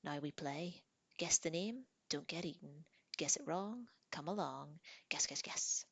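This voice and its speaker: A woman voicing a small, sly, greedy male troll who giggles, repeats words in a sing-song way and talks in a breathy, whispery voice, as in an audiobook reading. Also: low voice, lively intonation, a little slow, fairly bright tone, no echo, full character voice. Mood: gleeful.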